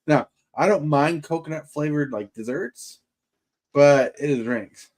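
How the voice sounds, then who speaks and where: A man's voice: fairly high pitch, measured pace, darkish tone. A man hosting a casual livestream, chatting in a rambling way and greeting viewers by name. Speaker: livestream host. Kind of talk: casual chat.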